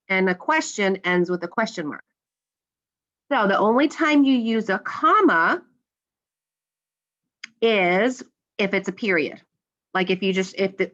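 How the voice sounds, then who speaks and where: A woman's voice: mid-range voice, a bit bright, dull audio. Patient woman teaching a grammar lesson. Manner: patient, explains step by step, acts out example lines.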